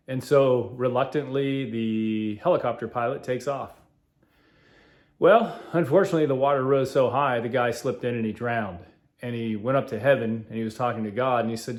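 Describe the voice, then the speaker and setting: A man hosting a podcast, talking in a halting, earnest way with many fillers. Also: mid-range voice, steady tone. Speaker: podcast host. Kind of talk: casual spoken commentary.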